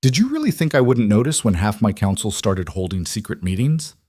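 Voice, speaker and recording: A man voicing a ruthless king with ice powers who speaks quietly and commandingly. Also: lowish voice, sing-song, brisk, dry recording, clean studio sound. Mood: menacing.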